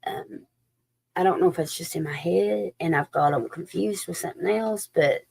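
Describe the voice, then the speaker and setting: Her gravelly, husky voice is fairly low and darkish in tone, moving at a normal speed. She's a psychic reader doing a live-stream tarot chat, folksy and casual, with occasional slips into a whisper.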